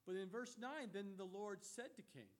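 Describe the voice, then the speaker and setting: A man preaching a sermon in an animated, emphatic way, mixing casual slang into his teaching. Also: sits high, normal speed.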